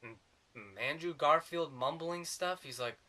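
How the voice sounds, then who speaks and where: A man's voice: fairly high pitch, a little slow, sharp tone. A man giving a sarcastic, rambling comedic movie review.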